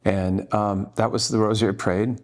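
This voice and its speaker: A man's voice: lowish voice, level tone, normal speed. A man being interviewed as a guest actor, telling earnest, rambling stories full of restarts. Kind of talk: anecdotal interview storytelling.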